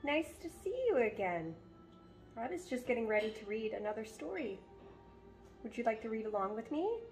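A woman reading a children's picture book aloud as a storyteller, in a gentle, expressive manner. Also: on the high side, normal speed, soft background music.

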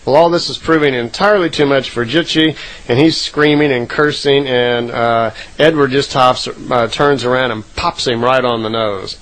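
A man's voice: medium pitch, fairly even intonation, normal speed, a bit bright, low-quality recording. A man casually retelling a recorded account, rambling with frequent "uh" fillers and self-corrections.

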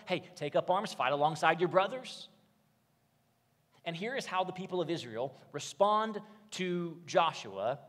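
A man preaching a sermon as pastor, measured, dropping soft and low on key phrases while weaving in a family story. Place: church sanctuary. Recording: long hall reverb, faint guitar behind. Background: soft guitar music.

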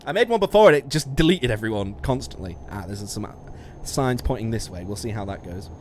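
Man, game streamer, casual chat, animated pitch, sweary, laughing at himself, faint background noise. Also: fairly quick. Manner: sweary, self-mocking, laughs a lot. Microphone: studio musician mic.

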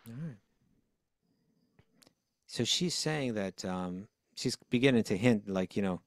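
A man co-hosting a casual devotional talk, playful and quick to laugh as he retells stories. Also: on the low side, animated, dry recording, clean studio sound. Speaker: podcast co-host.

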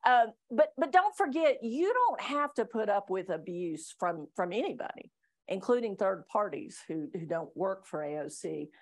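Middle-aged female trainer and lawyer. Chatty and self-deprecating, laughs between points. Medium pitch. Live staff session. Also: sing-song, moderate pace. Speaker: workplace trainer and attorney. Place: meeting room with live audience.

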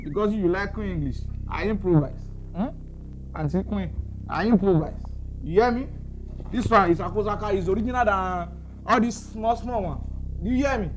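A man with a Nigerian accent playing a makeshift Santa in a comedy skit, loud, playful and rambling. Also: high voice, normal speed, soft background music.

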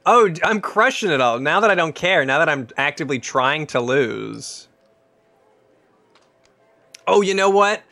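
Young man, from Scotland, live-stream gamer, chatty and wry, fairly high voice. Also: animated, a little slow, creaky, long pauses, sharp tone. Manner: joking banter with chat, reacting to wins and losses. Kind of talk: casual live-stream gaming chat.

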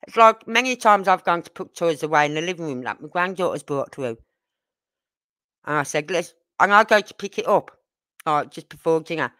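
A middle-aged woman talks in a loose, chatty ramble, forever checking whether you follow. Her voice sits fairly low. The recording is dry, with no room sound. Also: expressive, moderate pace, a bit bright, no room sound. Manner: chatty, rambling, keeps asking "you know what I mean". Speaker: neighbour interviewed. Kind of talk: casual storytelling chat.

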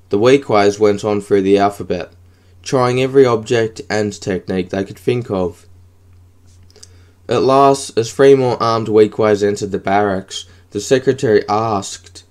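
A man narrating an audiobook in a steady, even reading. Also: fairly low pitch, a little slow.

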